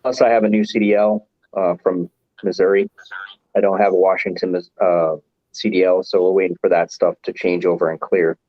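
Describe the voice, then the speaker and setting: A man with a fairly low voice hosts a loose livestream chat, rambling from one thing to the next and chuckling along the way. The sound is dry, close and a little muffled, like dull stream audio. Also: little pitch movement, moderate pace, no echo. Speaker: livestream host. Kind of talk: casual chat.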